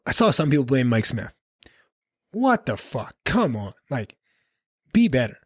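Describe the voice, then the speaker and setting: A man's voice: mid-range voice, no room sound, clean studio sound. A man hosting a solo podcast, talking bluntly and with a lot of swearing as he rambles through his opinions. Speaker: podcast host.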